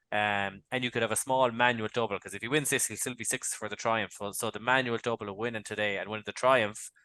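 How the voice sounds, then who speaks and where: Man, bright voice, chatty betting talk, quick with lots of restarts. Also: fairly low pitch. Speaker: horse racing tipster on a podcast panel. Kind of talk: casual betting chat.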